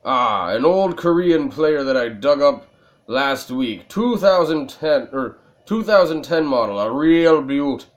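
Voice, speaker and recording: A man putting on a stout old tinkerer in a game, gruff but well-meaning. The voice sits low and moves at a slow, halting pace, with only a faint nod to a German accent. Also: animated. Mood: folksy. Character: stout gruff old male junk dealer with a German-tinged voice.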